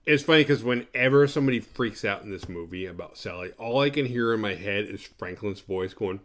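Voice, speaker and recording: A man's voice: mid-range voice, brisk, few pauses, fairly bright tone. A man hosting a horror movie review show, recapping the plot in a rambling, profane, sarcastic way.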